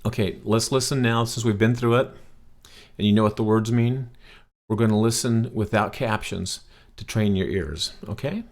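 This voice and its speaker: Low-voiced man teaching a beginner lesson. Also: normal speed. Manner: patient, repeats and checks in with "okay?". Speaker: language teacher.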